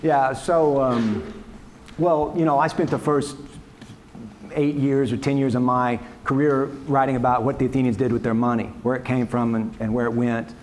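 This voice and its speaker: A man's voice: mid-range voice, level tone, normal speed, a little mellow, a little hiss or hum. A man, a historian, answering audience questions after a lecture in a conversational, wry way, with frequent restarts and asides. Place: lecture hall.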